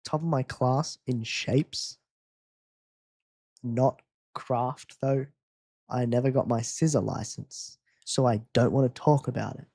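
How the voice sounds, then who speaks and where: A man's voice: mid-range voice, slow pace, gravelly, warm tone, husky, no echo. Aussie guy on a live stream reading quiz questions, jokey and teasing, dry close sound. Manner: teasing, joking chat with viewers. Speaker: streamer running a race quiz.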